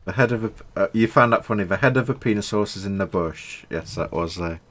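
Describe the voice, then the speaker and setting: A man from Britain on a live game stream, chatting and answering viewers' questions between pauses. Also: fairly low pitch, a bit bright. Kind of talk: live gameplay stream, reading chat.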